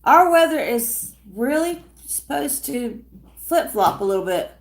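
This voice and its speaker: A woman's voice: high-pitched, expressive, measured pace, reverberant. A woman chatting and teasing on a homestead livestream. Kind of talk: casual livestream chat.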